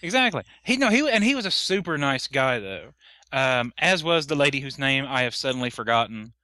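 A man rambling in casual podcast chat, halting and restarting as he recalls a convention. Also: medium pitch, big pitch swings, pushed and bright, no echo.

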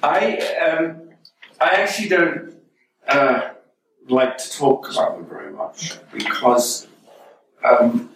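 A man's voice: on the high side, big pitch swings, slow pace, creaky, long pauses, fairly bright tone. English guy rambling through funny stories, voice swings up and down a lot, echoey room far from the mic. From England. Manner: wry, rambling anecdotes with many restarts. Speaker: guest. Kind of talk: casual interview chat. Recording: echoey room, distant mic, faint noise.

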